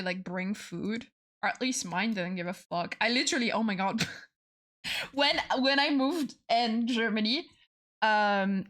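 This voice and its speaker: A young woman with a French accent chatting casually on a stream, swearing a lot, laughing often and repeating herself when she gets excited. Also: fairly high pitch. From France. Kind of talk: casual chat.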